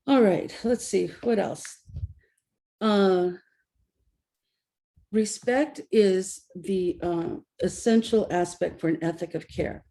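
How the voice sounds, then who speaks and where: A middle-aged woman educator giving a talk, telling anecdotes with lively storytelling and acting out the voices she quotes. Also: medium pitch, slow, pauses often. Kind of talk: presentation with anecdotes.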